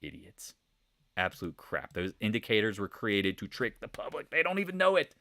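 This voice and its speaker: A man hosting a live market commentary stream, talking in a blunt, animated, sarcastic way. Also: fairly low pitch, fairly quick, no room sound. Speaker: host of a trading channel.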